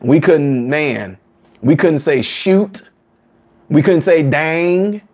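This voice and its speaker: A man hosting a live chat stream, talking casually to viewers and acting out quotes in higher voices. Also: extremely slow, highs cut off. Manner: animated, acts out quotes in higher voices, laughs often.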